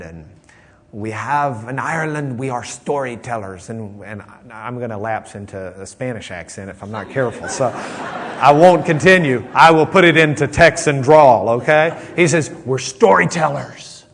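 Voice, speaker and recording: A man giving a casual Bible lesson at a mid pitch, his voice carrying a long reverb as if in a church hall. He rambles through stories with many restarts and fillers. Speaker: Bible teacher. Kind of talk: casual Bible class lecture.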